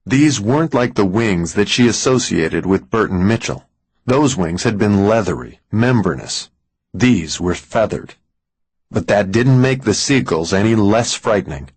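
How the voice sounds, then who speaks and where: A man reading a thriller audiobook in an even, deliberate scripted narration. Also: lowish voice, breathy edge, no echo, poor audio.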